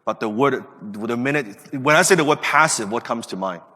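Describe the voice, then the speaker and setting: A man's voice: medium pitch, expressive, moderate pace, bright, forceful tone. A man in his late thirties gives an emphatic motivational talk as a podcast host, asking his listeners rhetorical questions. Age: late 30s. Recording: reverberant room.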